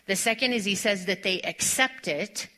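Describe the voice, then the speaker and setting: A woman pastor preaching a sermon in a church, telling a personal story in an animated way. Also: medium pitch. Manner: animated storytelling, laughing often, fast-talking asides. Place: church sanctuary.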